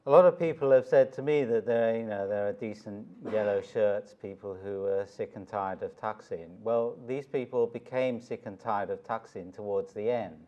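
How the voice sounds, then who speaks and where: A man's voice: lowish voice, normal speed, hardly any pauses, mellow, dull audio, slight background noise. A man giving a talk who directly invites questions and disagreement from his audience. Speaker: speaker taking questions. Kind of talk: academic Q&A. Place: university lecture room.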